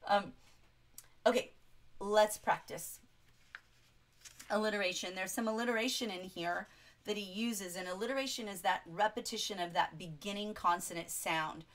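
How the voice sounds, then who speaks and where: An enthusiastic woman leads a live English class on a short story. She reads passages aloud and talks back to her viewers' chat in a chatty, excited way. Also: medium pitch, moderate pace, pauses often. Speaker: English teacher. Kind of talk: livestreamed literature lesson.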